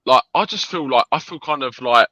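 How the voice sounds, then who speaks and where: A man's voice: mid-range voice, fairly quick, bright, forceful tone, no echo, highs cut off. A man on a chat panel, talking frankly and heatedly and swearing freely. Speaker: panel guest. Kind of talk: casual chat.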